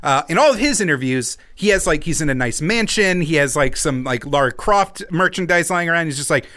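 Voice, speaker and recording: Male podcast co-host, high and bright, animated and jokey. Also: brisk. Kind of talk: casual chat.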